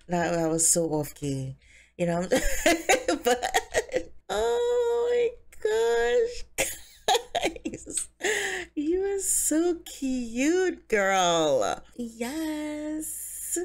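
A woman giving casual, excitable commentary on a life-simulation game she is playing, often speaking the characters' thoughts aloud. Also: high voice, very slow. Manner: excitable, gasping and squealing, voicing the characters' thoughts. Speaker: let's play host.

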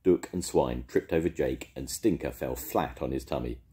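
Very deep-voiced grandad reading a story. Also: male voice, normal speed. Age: older. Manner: expressive, animated reading. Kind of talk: children's story read aloud.

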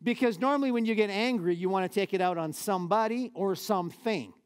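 A man, a pastor, preaching a lively sermon in a church with casual, conversational asides. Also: sits high, fast talker, clean tone.

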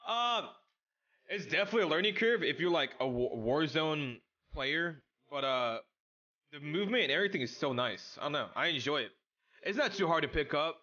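A young man streaming a video game, chatting casually with his chat in an excitable, slangy way. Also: fairly high pitch, brisk, lo-fi sound. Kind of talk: casual live-stream chat while gaming.

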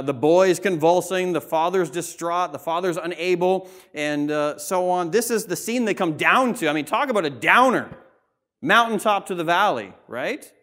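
A pastor preaching a sermon in a church, reading scripture and explaining it in a conversational way with frequent asides. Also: male voice, a little high, a bit bright. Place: church sanctuary.

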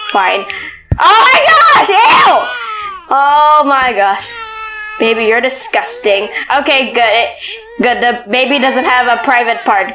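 A woman giving casual let's play commentary, excitable, squealing and scolding the baby in the game. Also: on the high side, noisy background. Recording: roomy echo.

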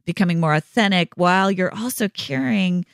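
Smooth-voiced woman podcast host. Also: lowish voice, normal speed, no room sound, clean studio sound. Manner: warm, reflective, affirming. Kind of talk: conversational interview.

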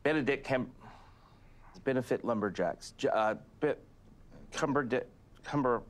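A middle-aged man hosting a comedic interview, asking awkward questions in a deadpan, halting manner. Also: medium pitch. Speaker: talk show host.

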